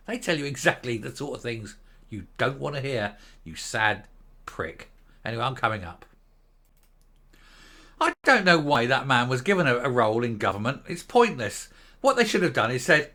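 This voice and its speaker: A man's voice: a little high, sharp tone. An older man delivering a profane, scornful, sarcastic political rant for his video channel. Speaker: vlogger.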